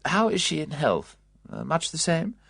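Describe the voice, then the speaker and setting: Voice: medium pitch, sing-song, moderate pace, gravelly, a bit bright, husky, dry recording, clean studio sound, pitched above the performer's own voice, exaggerated voice. A reader voicing a polite, mild-mannered middle-aged husband on a visit.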